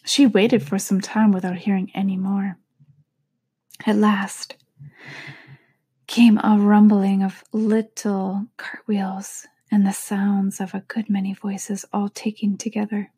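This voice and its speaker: A woman reading a storybook aloud in an unhurried, soft-spoken way, sometimes dropping to a whisper. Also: mid-range voice, little pitch movement, breathy edge, dry recording. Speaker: podcast reader.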